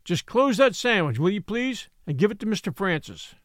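A man reading aloud voices a soft-spoken, formally polite camp cook. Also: high-pitched, big pitch swings, normal speed, no echo, clean studio sound, voice pushed up. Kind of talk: audiobook reading.

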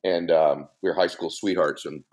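A man's voice: deep voice, steady tone, moderate pace, a little mellow. A middle-aged man, a podcast guest, telling a funny story in conversation and laughing as he mimics voices.

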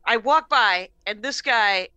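A middle-aged woman comedian tells a rowdy story in a relaxed podcast conversation. Her voice is bright and a touch high, recorded dry and close. She laughs often and swears freely as she talks. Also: slow, clear, resonant tone, dry recording, muffled recording. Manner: animated, laughing storyteller with profanity. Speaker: comedian guest.

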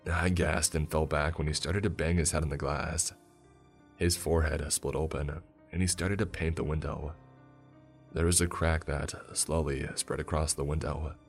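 Very deep-voiced man narrating horror. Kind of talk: first-person horror story narration.

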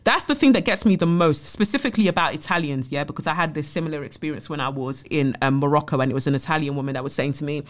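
A woman's voice: sits low, fast talker, hardly any pauses. A woman hosting a podcast, talking bluntly and indignantly, with frequent swearing. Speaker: podcast host. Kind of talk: podcast monologue reading a listener letter.

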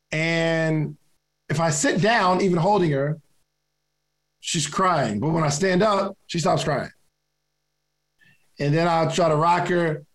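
A man's voice: on the high side, vocal fry. A man giving a casual motivational talk, talking conversationally, repeating key questions and laughing at himself. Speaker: motivational speaker.

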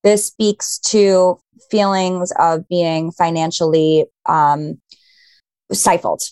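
A woman's voice: fairly low pitch, little pitch movement, slow, darkish tone, smooth, no room sound. Young woman, tarot-reading host, enthusiastic, dry close sound. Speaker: podcast host and tarot reader. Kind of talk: casual chat and tarot reading.

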